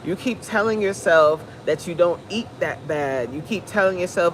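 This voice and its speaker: A woman's voice: on the low side, normal speed, hardly any pauses, a bit bright, a little hiss or hum. A fitness coach, a woman, giving a blunt, preachy, joking pep talk on a live stream.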